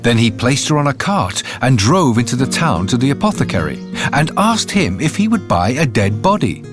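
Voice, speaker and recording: Expressive male fairy tale narrator. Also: medium pitch, normal speed, music in the background. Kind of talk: storybook narration.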